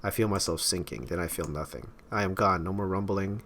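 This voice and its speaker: A man's voice: deep voice, a little fast, gravelly, a bit bright, slight background noise. A man streaming a visual novel playthrough, reading its narration aloud with wry asides. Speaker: game streamer. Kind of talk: reading game text aloud with casual commentary.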